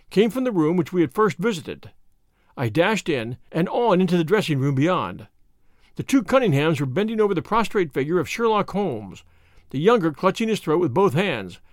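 Animated male storyteller, dry close sound. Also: a little high, no echo. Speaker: audiobook narrator. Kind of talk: storytelling narration.

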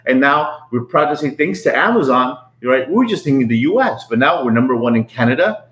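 A middle-aged man tells his business story in an eager, conversational way, stumbling over and repeating his words as he builds up the tale. His voice sits at an ordinary middle pitch. The recording has a roomy echo around it. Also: a little fast. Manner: animated, repeats words, acts out quotes in a higher voice. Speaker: business owner telling his story as podcast guest. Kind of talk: casual storytelling.

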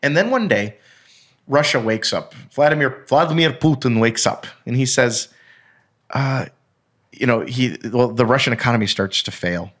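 A man's voice: medium pitch, expressive, moderate pace, a bit bright. A man in casual podcast chat, explaining a finance story at length with restarts and the odd swear word.

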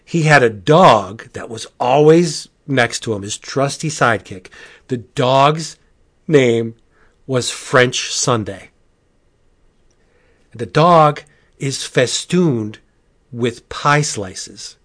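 Podcast host, male, mid-pitched, rambling and animated, full of asides. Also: slow pace, pauses often. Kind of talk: casual comic book review.

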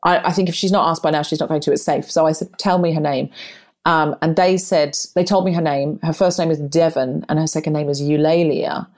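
A middle-aged woman telling a personal story in casual chat, acting out voices with big jumps in pitch. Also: brisk. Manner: animated, acts out her own and others' lines with big rises in pitch.

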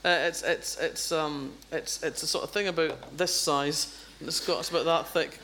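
A woman's voice: low voice, steady tone, moderate pace, fairly bright tone, slight background noise. A Scottish woman from Fife, a novelist guest chatting casually, often restarting sentences and chuckling. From Scotland, Fife. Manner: hesitant, repeating starts, chuckling. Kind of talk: casual chat.

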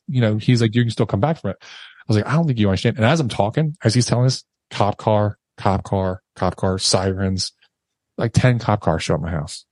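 A man's voice: fairly low pitch, fairly quick, darkish tone, no room sound. A man in his thirties, a podcast guest, telling a harrowing personal story with emotion and acting out the voices of others. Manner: emotional, acts out quoted voices, laughs nervously.

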